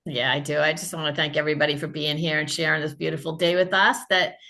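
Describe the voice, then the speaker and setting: A woman's voice: sits low, fairly even intonation, fast, creaky, pushed and bright. A woman giving brief, heartfelt thank-you remarks over a video call.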